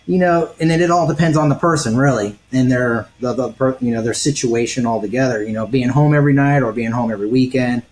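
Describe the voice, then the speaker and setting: A man hosting a podcast, asking rambling questions full of fillers in a relaxed interview. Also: medium pitch, fast talker, hardly any pauses, low-quality recording. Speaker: podcast host.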